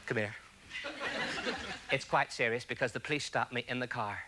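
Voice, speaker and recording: A man's voice: medium pitch, fairly even intonation, moderate pace, sharp tone. A man doing a stand-up comedy routine, firing off chatty one-liners to an audience.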